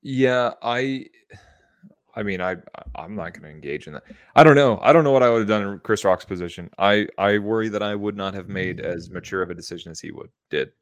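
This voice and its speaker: A man's voice: on the low side, fairly quick, no echo. A young man co-hosting a podcast, blunt and casual, saying "dude" and "freaking" often. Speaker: podcast co-host. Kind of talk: casual chat.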